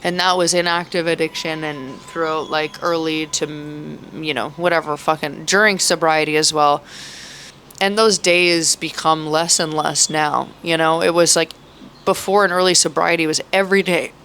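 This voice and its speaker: 30 y/o vlogger rambling and cussing, emotional, bright tense voice, faint outdoor noise. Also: mid-range voice, fairly even intonation, moderate pace. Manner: rambling, heavy swearing, filler-laden. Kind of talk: emotional personal vlog. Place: outdoors in Mexico, birds audible.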